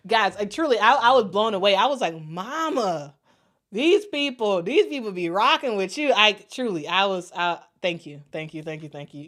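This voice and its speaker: A woman's voice: mid-range voice, fairly bright tone, smooth. A woman hosting a casual sports live stream, talking loosely with fillers and restarts, using informal vernacular like "y'all". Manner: speaks informal Southern-style vernacular (y'all, I'ma, gon).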